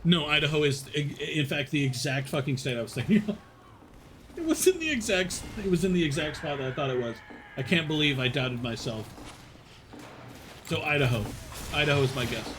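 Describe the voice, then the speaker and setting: A man's voice: on the high side, lively intonation, a little fast, noisy background. A man streaming, chatting casually with his viewers, rambling and swearing with frequent laughs. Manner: chats with unheard viewers, reads chat.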